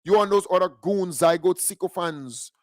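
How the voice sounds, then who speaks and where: A man with a Grenadian accent rants through political commentary on the radio, fiery and mocking, picking fights as he goes. His voice sits notably high, and the sound is close and completely dry, with no room around it. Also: moderate pace, no echo. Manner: fiery, mocking and combative rant.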